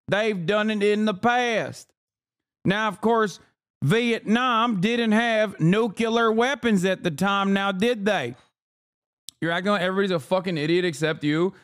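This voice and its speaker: A man's voice: high voice, clear, resonant tone. A male streamer giving heated, profane, sarcastic commentary and arguing with his chat. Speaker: streamer reacting to a video.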